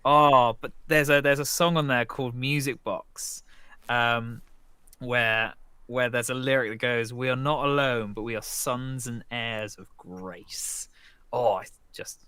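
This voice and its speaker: A man's voice: mid-range voice, fairly even intonation, measured pace, bright, forceful tone, clean tone, no echo. A man from Britain, a musician co-hosting a casual online chat over a video call, rambling a little and laughing often. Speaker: musician guest and co-host.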